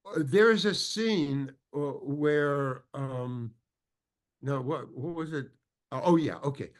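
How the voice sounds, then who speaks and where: A man's voice: a little high, slow. Rambling older man telling a story. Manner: rambling, full of restarts, acts out quoted dialogue. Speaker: interview guest, actor. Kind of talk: anecdotal storytelling in an interview.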